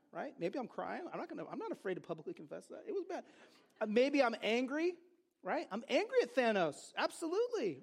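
A man preaching a sermon as pastor, with conversational storytelling and joking asides. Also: very high-pitched. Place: church service.

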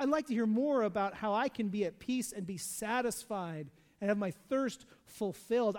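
A male pastor preaches in a relaxed, conversational way, tossing in asides and rhetorical questions. His voice sits high, and it rings out with a long hall reverb. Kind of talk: sermon.

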